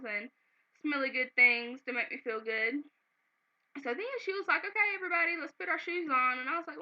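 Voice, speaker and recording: A woman talks straight to her camera at home, earnest and at times close to tears as she tells her story. Her voice sits a little high. The sound is somewhat dull and lo-fi, like a basic home video. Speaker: vlogger. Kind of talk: casual emotional storytelling to camera.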